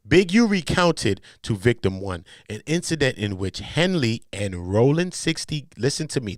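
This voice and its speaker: A man hosting a commentary show, talking in heavy slang, emphatic, jumping from loud outbursts to low mutters. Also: no room sound, studio quality. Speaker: commentary host. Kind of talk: animated commentary.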